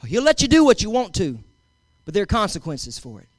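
A man's voice: high voice, wildly swooping pitch, brisk, no room sound. A male pastor preaching a sermon, emphatic and repetitive, talking straight to his congregation.

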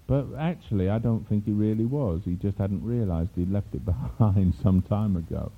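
An older Englishman preaches a sermon in a lowish voice at normal speed. He tells a story animatedly, adding asides and chuckles as he goes. The audio sounds tinny, like a phone.

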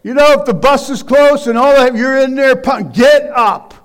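Loud, high-voiced preaching man. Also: moderate pace. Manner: loud, emphatic preaching with shouted exhortations and quiet asides. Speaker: pastor. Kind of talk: sermon.

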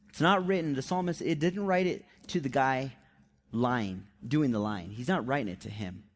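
A man preaching a sermon, animated and conversational, often throwing rhetorical questions to the congregation. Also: mid-range voice. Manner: emphatic storyteller. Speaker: pastor.

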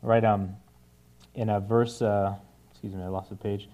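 Low, flat-voiced young man preaching casually. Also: moderate pace, dull audio. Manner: conversational, many fillers and "right?" tags. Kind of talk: casual sermon.

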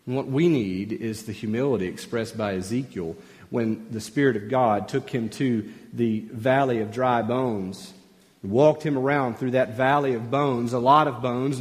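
A pastor preaching a sermon, emphatic at times and dropping to a near hush at others. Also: male voice, medium pitch. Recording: long reverb of a large hall.

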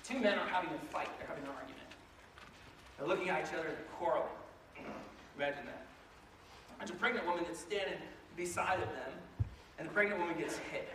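A man preaching a sermon as a pastor, animated and joking, acting out voices as he goes. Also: fairly high pitch, quick pace, background noise. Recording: echoey hall, mic far off.

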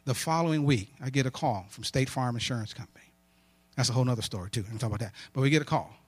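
A man's voice: medium pitch, rapid-fire, dry recording. A man preaching a sermon with personal stories, emphatic and in call-and-response style, often asking questions and answering them himself. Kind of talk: sermon with storytelling.

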